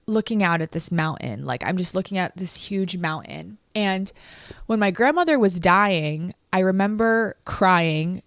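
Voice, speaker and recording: A woman's voice: fairly low pitch, expressive, measured pace, dry recording, studio quality. A woman hosting a podcast, telling a personal story in an emotional, reflective way with lots of "like". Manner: emotional, reflective, heavy use of "like". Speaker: podcast host.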